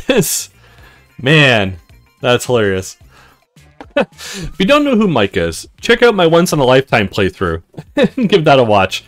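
Dude doing let's play commentary, laughs a ton, swears, super animated voice. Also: male voice, mid-range voice, measured pace, long pauses, soft background music. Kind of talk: gaming commentary.

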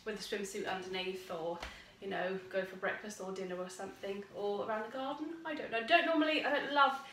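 A young female vlogger chats casually from an upstairs room at home, excitedly showing her finds and drifting into a little rambling. She speaks briskly with a medium-pitched, fairly bright voice, and there's a slight hiss or hum.

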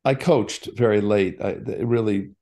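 An older man with a fairly low voice talks through his memories in a loose, rambling way. He restarts sentences often and drifts into asides as he gives his views as an interview guest. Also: measured pace, mellow. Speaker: guest, former actor and basketball coach. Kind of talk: casual interview storytelling.

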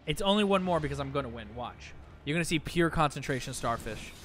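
Talking fast in a slightly high, somewhat bright voice with lively intonation, a man narrates his live gameplay stream. He's chatty and self-mocking, repeating phrases under his breath, and there's slight background noise.

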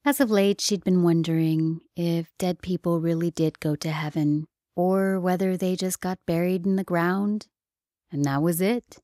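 A woman's voice: lowish voice, fairly even intonation, unhurried, dark tone, dry recording. Woman narrating a storybook, dry close sound. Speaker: audiobook narrator.

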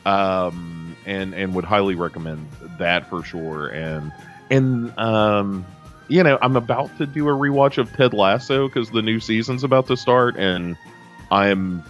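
A low-pitched American man chatting loosely on a film podcast, rambling through his thoughts and restarting sentences as he goes. Soft music sits faintly underneath his voice. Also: unhurried. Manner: rambling, self-interrupting, chatty. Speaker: podcast co-host. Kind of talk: casual chat.

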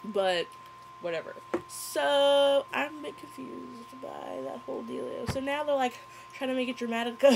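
A woman's voice: high voice, measured pace, vocal fry, background noise. A young woman giving a casual running commentary on a movie, giggly and sarcastic.

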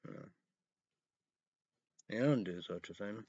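A man's voice: measured pace, no echo. Rambling man spelling words out, lo-fi. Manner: rambling, spells words out letter by letter, bursts into high excited outbursts. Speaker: vlogger. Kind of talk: rambling casual monologue. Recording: dull lo-fi sound.

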